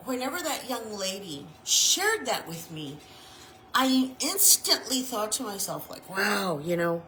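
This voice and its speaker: A woman's voice: medium pitch, bright, forceful tone. A woman chaplain giving an informal sermon, telling stories in a frank, conversational way and often repeating her words. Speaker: chaplain and reverend. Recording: echoey room with faint noise.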